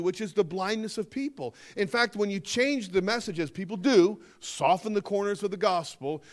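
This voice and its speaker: A man preaching a sermon, emphatic, slowing down to stress key phrases and dipping into quieter asides. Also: sits high. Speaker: pastor.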